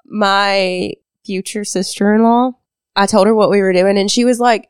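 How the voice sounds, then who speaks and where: A woman co-hosting a podcast in casual chat, making quick emphatic asides. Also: medium pitch, fairly even intonation, clean tone, dry recording, clean studio sound. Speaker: podcast co-host.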